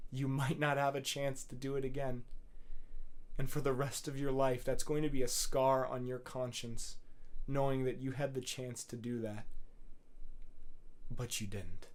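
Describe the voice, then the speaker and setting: Young male podcast host, solo monologue; earnest, rambling, profane, filler-heavy. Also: mid-range voice. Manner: earnest rambling pep talk with frequent swearing and fillers.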